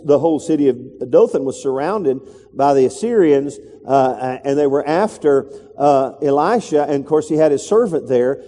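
A man preaching a sermon in a large church, his voice mellow and a touch high. He leads call-and-response lines with the congregation and bursts into sudden high voices to act out the scenes he describes. Long reverb hangs after his words. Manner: acts out quoted voices with sudden high-pitched outbursts. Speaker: pastor.

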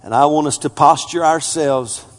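A man, a pastor, preaching a sermon to his congregation, swinging from loud emphatic peaks down to quiet asides. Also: on the high side, normal speed, in a large hall. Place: church sanctuary.

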